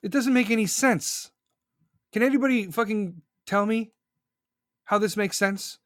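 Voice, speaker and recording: A man's voice: high voice, measured pace, fairly bright tone, dry recording, studio quality. A man hosting a podcast, delivering an angry, profane political rant. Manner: furious, profane, ranting. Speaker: podcast host.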